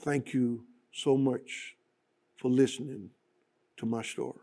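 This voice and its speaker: A man speaks in a slow, measured and solemn way. His voice is dark and mellow. Each phrase is set apart, and the talk reads as a prayerful testimony. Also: medium pitch, steady tone. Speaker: guest speaker.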